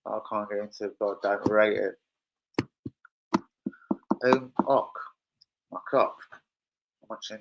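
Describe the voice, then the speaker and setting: A man's voice: on the low side, takes it slowly, pauses often, noisy background. A man hosting a casual fan live stream, crude and rowdy, joking with his chat. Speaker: fan channel host. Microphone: streaming setup.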